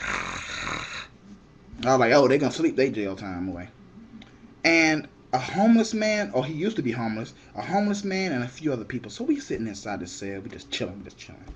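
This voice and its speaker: Excitable man telling a wild story. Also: medium pitch, brisk, gravelly, slight background noise. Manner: excitable, shouts punchlines, acts out other people. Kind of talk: animated comic storytelling.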